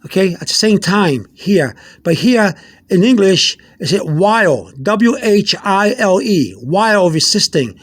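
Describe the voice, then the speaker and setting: A man with a high voice teaches a casual language lesson. He talks haltingly, repeating words and spelling out letters one by one, with plenty of uh and um between phrases. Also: very animated, fairly bright tone. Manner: explains slowly and spells out letters.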